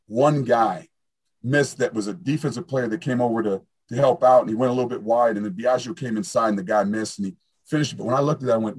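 A middle-aged man, a strength coach, telling stories in a lively interview and acting out the quoted dialogue. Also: medium pitch, brisk, slightly rough. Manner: animated storyteller, acts out quoted dialogue. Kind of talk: fast casual interview talk.

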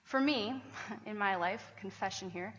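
A woman pastor preaching a sermon in a chatty, animated way, often laughing between points. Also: mid-range voice, a little slow. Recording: reverberant church hall.

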